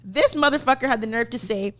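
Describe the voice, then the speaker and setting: A woman's voice: fairly high pitch, fast. A young adult woman, a podcast host telling a story in casual, profane chat and acting out what people said. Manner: profane, animated, acts out quotes.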